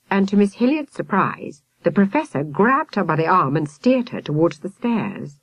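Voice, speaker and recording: A woman reading a children's storybook aloud in a lively, expressive way. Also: on the low side, moderate pace, hardly any pauses, husky, no room sound. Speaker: audiobook reader.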